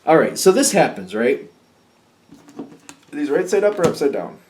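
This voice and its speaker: A man's voice: a little high, sing-song, moderate pace, a little mellow, roomy sound, distant mic, slight background noise. A man giving a casual tarot reading, thinking aloud and chatty, with many fillers. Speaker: tarot reader.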